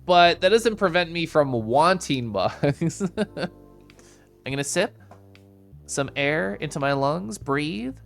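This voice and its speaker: A man streaming a casual chat with viewers, with playful sing-song intonation and drawn-out syllables, sometimes sinking into soft, quiet murmurs. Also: on the high side, lively intonation, vocal fry, soft background music. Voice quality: comfy, distinctive voice. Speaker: livestreamer.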